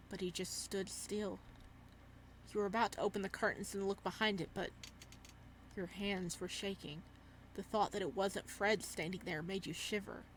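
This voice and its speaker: A woman's voice: medium pitch, normal speed, slight background noise. A woman hosting a gaming channel, reading a horror visual novel aloud with dramatic delivery and startled, swearing reactions.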